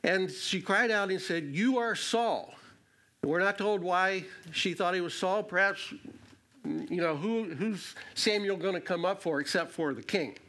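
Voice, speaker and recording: A man's voice: high-pitched, moderate pace, fairly bright tone. A man teaching through a Bible passage verse by verse, reading it aloud and explaining it in a conversational way with many fillers and restarts.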